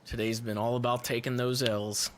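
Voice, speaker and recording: A man's voice: medium pitch, level tone, moderate pace, a little hiss or hum. A man chatting on voice chat while gaming, laughing often and swearing when things go wrong. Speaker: gamer on voice chat.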